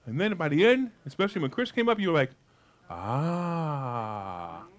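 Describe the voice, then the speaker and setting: A man giving a live motivational money seminar, brash and jokey, with loud outbursts and quiet asides. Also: high voice, sing-song, very fast. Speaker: seminar speaker.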